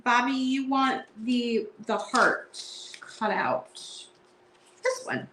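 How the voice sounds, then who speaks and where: A woman's voice: on the high side, slow pace, fairly bright tone, slight background noise. Chatty woman selling from an echoey room. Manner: chatty, reads card verses aloud in a playful sing-song. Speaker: live sale seller. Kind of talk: casual live sale chat. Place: indoor room at home.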